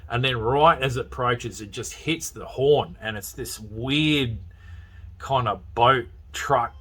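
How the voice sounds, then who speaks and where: An Australian man hosting a podcast, chatting casually and excitedly about a horror film, swearing freely and laughing as he goes. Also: medium pitch, slow pace, slight background noise. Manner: animated, sweary, laughs often. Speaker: podcast host. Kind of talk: casual film review chat.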